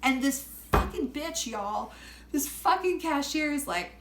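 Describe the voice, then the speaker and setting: A woman telling a comic story in a casual, animated way, laughing often, swearing freely and acting out the people she quotes. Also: high voice, measured pace. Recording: roomy room with faint background noise.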